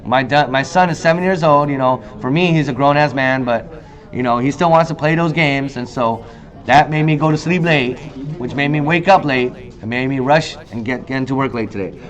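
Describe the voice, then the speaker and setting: A man in his thirties hosting a casual talk show monologue, telling stories with lively acted-out quotes. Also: normal speed. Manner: animated storyteller, acts out quoted lines in a higher voice. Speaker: host. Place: in Korea.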